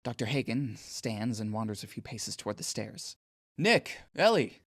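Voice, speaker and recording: A man's voice: fairly low pitch, fairly even intonation, moderate pace, darkish tone, no echo, studio quality. An actor playing an anxious, awkward teenage boy who narrates his own story in an audio drama, speaking in an inward, self-deprecating way.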